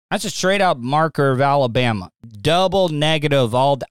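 A man's voice: on the high side, expressive, normal speed, few pauses, fairly bright tone, clean tone, no echo, studio quality. A man reacting to a news clip in casual commentary, blunt and mocking. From Southern United States.

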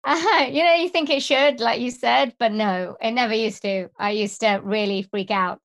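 A woman's voice: fairly high pitch, normal speed, a bit bright. Chatty woman with a big voice. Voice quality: big, projecting voice. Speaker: interview guest, singer and presenter. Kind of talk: casual interview chat.

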